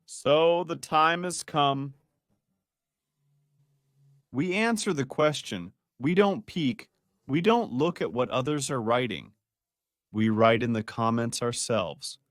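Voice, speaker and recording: This doctor speaks at a medium pitch, slowly and with frequent pauses, on a dry, studio-quality recording. He explains spine health in a playful, lively video lesson, tossing quiz questions to his viewers.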